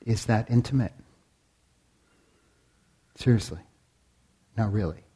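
A man teaching meditation in a dharma talk. His voice is dark, mellow and a little husky, and he speaks very slowly. He leaves long pauses, sometimes sinks to a near whisper, and keeps asking his listeners rhetorical questions. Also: on the low side.

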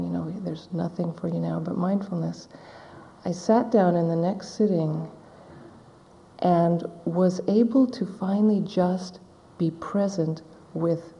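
Meditation teacher, woman, middle-aged; slow, soft-spoken storyteller, recorded in a reverberant hall. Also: lowish voice, vocal fry. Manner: slow, gentle, reflective storytelling. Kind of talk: dharma talk. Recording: dull audio in a large hall with long reverb.

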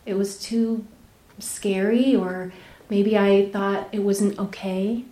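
A woman meditation teacher giving a dharma talk, telling a personal story candidly, laughing often and dropping to soft, near-whispered asides. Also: mid-range voice, level tone, slow pace, echoey room. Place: retreat center meditation hall.

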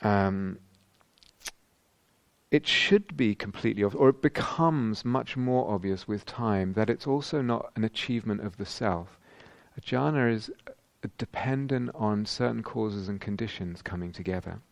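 A man with a British accent giving a dharma talk as a meditation teacher, gentle and reflective, pausing often and restarting phrases. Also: fairly low pitch, creaky, no echo. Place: retreat meditation hall.

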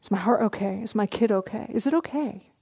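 A middle-aged woman, a meditation teacher, giving a dharma talk at a retreat, telling a story gently with soft laughs. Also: medium pitch, brisk, creaky, breathy edge.

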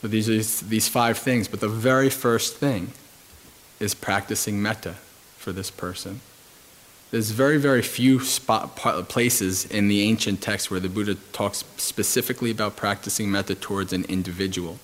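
At a retreat, a monk gives a Dhamma talk, calmly telling stories with lots of fillers and restarts. His male voice is lowish and moves at a normal speed.

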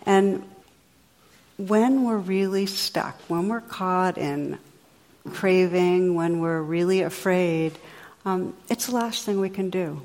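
Woman meditation teacher; low, gentle, unhurried delivery with soft reflective pauses, recorded with a long hall tail. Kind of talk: dharma talk and guided reflection.

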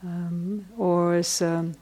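A middle-aged woman, a meditation teacher, giving a reflective dharma talk at a retreat in a conversational way, with frequent pauses and restarts and laughter at her own jokes. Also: fairly low pitch, little pitch movement, mellow.

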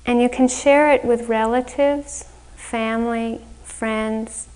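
A woman meditation teacher giving a dharma talk on retreat, slow, gentle and reflective, often laughing at her own stories. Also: a little high, steady tone, clear, resonant tone, poor audio. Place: retreat center meditation hall.

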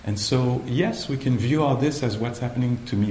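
A man giving a dharma talk at a meditation retreat, slow and hesitant, often pausing to search for the right words. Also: medium pitch, darkish tone, a little hiss or hum. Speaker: meditation teacher. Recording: echoey room, faint ambience.

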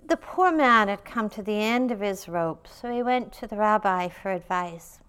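A woman meditation teacher giving a dharma talk, slow and reflective, often softening to near a whisper. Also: mid-range voice, clean tone.

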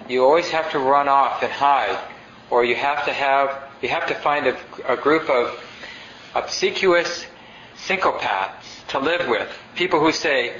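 A man's voice: medium pitch, a bit bright, slight background noise. A male meditation teacher giving a conversational dharma talk. He reads passages aloud and asks the audience questions. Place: meditation center hall. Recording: roomy, dull lo-fi sound.

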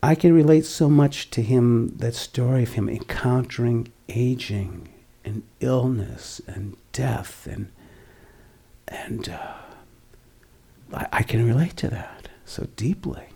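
Gravelly, mellow older man teaching meditation. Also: mid-range voice, takes it slowly. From Boston area, USA. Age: 60s. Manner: gentle and reflective, voice dropping to near whispers. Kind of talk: dharma talk.

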